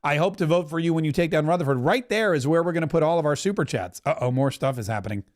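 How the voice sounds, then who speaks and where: A man's voice: fairly high pitch, lively intonation, quick pace. A man hosting a live stream, chatting casually and wryly over a broadcast and thanking viewers for donations. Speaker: podcast host commenting on a live broadcast.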